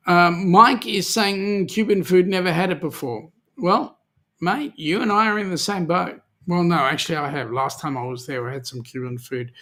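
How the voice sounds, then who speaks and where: A man's voice: fairly high pitch, a bit bright. An Australian man hosting a live chat show, reading out viewer comments and joking around with many ums. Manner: chatty, jokey, many ums. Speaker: host.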